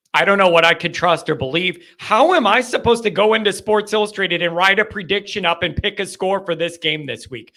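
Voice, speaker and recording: A man's voice: sits high, bright, forceful tone. A male host of a live sports call-in show, talking in a frustrated, rambling way with many restarts. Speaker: podcast host.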